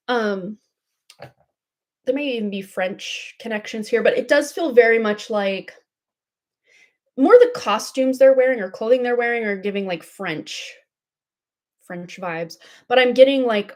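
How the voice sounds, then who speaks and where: A woman giving live tarot readings on a livestream, chatty and gushing, full of fillers and little laughs. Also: medium pitch. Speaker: tarot reader. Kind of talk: casual livestream chat.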